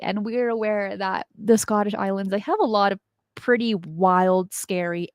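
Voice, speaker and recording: A woman's voice: medium pitch, dry recording, studio quality. A woman hosting a show on unexplained mysteries, chatting casually as she tells a scary legend and laughs at her own jokes. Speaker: podcast host. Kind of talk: casual storytelling about legends.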